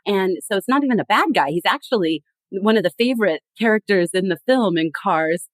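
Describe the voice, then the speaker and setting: A woman guest on a podcast, explaining with animated emphasis in a conversational tone. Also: mid-range voice, a little fast, no room sound. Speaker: guest expert.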